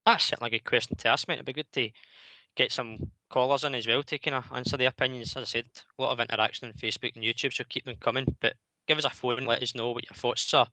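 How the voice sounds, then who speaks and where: A man hosting a football phone-in, giving steady, matter-of-fact match analysis. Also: mid-range voice, quick pace, no echo, low-quality recording. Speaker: radio show host. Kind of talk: casual football chat.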